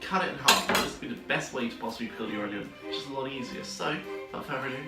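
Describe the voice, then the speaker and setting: A man hosting a comic cooking video, talking loudly and excitedly as a playful showman. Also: mid-range voice, quick pace. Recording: roomy echo, distant mic, music behind.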